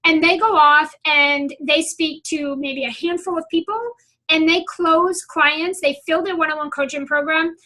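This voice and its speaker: A woman's voice: sits high, steady tone, unhurried, bright, forceful tone. A middle-aged woman business coach, talking bluntly and with some swearing, with plenty of ums. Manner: blunt and profane, with fillers. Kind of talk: coaching talk.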